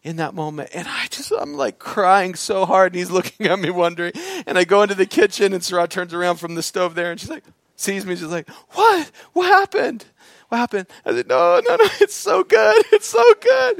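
High-voiced man preaching with dry sound. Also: dry recording. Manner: emotional storytelling, dropping to soft hushed tones for emphasis. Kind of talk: sermon with personal story.

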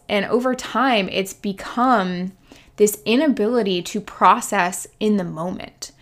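A woman's voice: medium pitch, a bit bright. Chatty candid young woman life coach. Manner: candid and chatty, fond of "like" and "literally", laughs now and then. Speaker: life coach and podcast host. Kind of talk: casual storytelling monologue.

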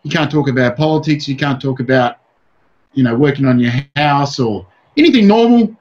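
A man's voice: mid-range voice, animated, moderate pace, darkish tone. Blunt Australian man, rambling and swearing. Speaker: guest comedian. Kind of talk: casual interview chat. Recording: dull lo-fi sound.

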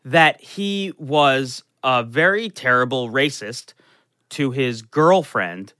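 A young man tells a crude story with animated, profane energy, piling up restarts and fillers. His voice is bright and forward, recorded close with almost no room sound. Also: mid-range voice, takes it slowly, dry recording. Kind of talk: casual comedic storytelling.

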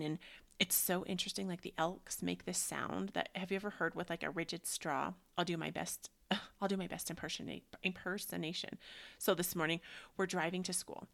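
A woman in her thirties hosting a spiritual book club, chatting in a rambling, dreamy way that often drops into soft whispers. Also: fairly low pitch, creaky. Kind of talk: casual spiritual chat.

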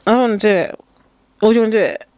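A woman co-hosting a podcast, chatting casually with a giggly, animated way of telling stories. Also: medium pitch, rapid-fire, background noise. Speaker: podcast co-host. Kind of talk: casual chat.

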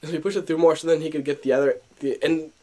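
A man's voice: fairly high pitch, fairly even intonation, racing, warm tone. A young man co-hosting a podcast, telling a story in casual chat, acting out what people said, with many fillers and restarts. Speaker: podcast co-host.

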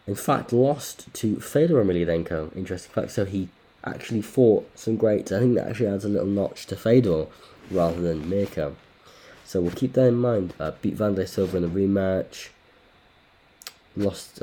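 Low, dark-voiced sweary man. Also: normal speed. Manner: sweary, loudly incredulous outbursts. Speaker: podcast host ranking fighters. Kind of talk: casual podcast chat.

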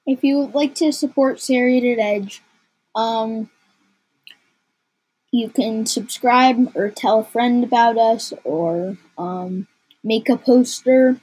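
Woman host, higher voice with a mellow dark tone, hesitant casual outro. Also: slow, husky, rough recording. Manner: hesitant, many fillers. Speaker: podcast host.

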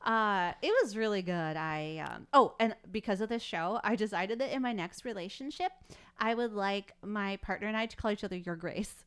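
A woman co-hosting a podcast in casual chat, an animated storyteller who rambles with many fillers. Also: medium pitch, moderate pace, clean tone. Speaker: podcast co-host.

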